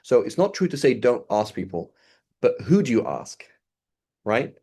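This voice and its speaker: A man's voice: medium pitch, husky. A man teaching a religious lesson in a casual, conversational way, acting out little dialogues as he goes. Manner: animated, acts out dialogue in quick asides. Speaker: Islamic teacher.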